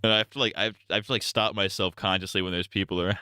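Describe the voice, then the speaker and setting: Low, bright-voiced young male streamer. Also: steady tone, racing, smooth, no echo, studio quality. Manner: rambling, crude and joking, with frequent laughs. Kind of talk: casual live-stream commentary.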